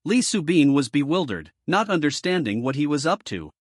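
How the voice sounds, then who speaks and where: Higher-voiced man narrating a comic recap. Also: big pitch swings, moderate pace, no room sound, clean studio sound. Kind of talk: scripted story narration.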